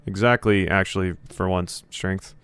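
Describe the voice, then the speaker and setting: A man's voice: low-pitched, fairly even intonation, a little slow, a bit bright, clear, resonant tone, no echo. A man hosting a let's play, reading game text aloud with sarcastic, joking asides. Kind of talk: playing a game and reading along.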